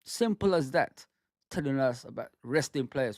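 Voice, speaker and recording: A man's voice: medium pitch, lively intonation, normal speed, darkish tone, no echo, studio quality. A man hosting a football fan channel, ranting with heated, exasperated commentary and some swearing.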